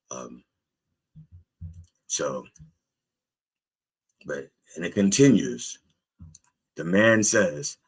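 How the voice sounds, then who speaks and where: A male preacher delivers a tongue-in-cheek sermon at a slow, deliberate pace. His voice is low and slightly husky, with a bright edge and lively pitch swings. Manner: playful, explanatory, with asides and fillers. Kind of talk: comedic sermon.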